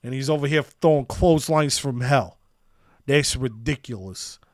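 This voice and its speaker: A man's voice: mid-range voice, normal speed, no room sound, clean studio sound, voice pushed down, close to an everyday voice. A man voicing a scheming male wrestler with a mob persona who complains indignantly.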